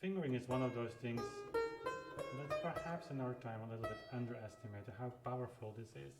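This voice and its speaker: Calm man teaching fingering at a keyboard. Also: medium pitch, a little fast, loud music behind the voice. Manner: calm, explains fingering step by step while playing. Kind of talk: live practice lesson, thinking aloud. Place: room with a clavichord. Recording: roomy sound with clavichord playing.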